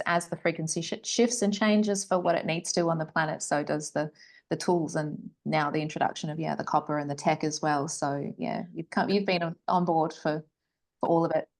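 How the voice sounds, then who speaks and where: Woman, podcast guest, very low voice, eager and affirming. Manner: enthusiastic, affirming, repeats words. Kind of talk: casual podcast chat.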